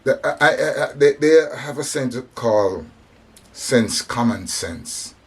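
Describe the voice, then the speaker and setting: A man of African descent who speaks on religion and society preaches an impassioned monologue on compassion, full of emphatic repetitions and restarts. His voice sits at medium pitch and is expressive and slightly rough, moving at a slow pace.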